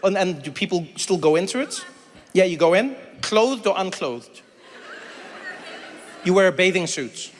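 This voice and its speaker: Speaking at a measured pace with long pauses, a high-voiced man from South Africa does stand-up as comedian and host. He's animated, telling a story, engaging the crowd, and voicing other characters. It was captured in a live venue with long reverb and faint noise.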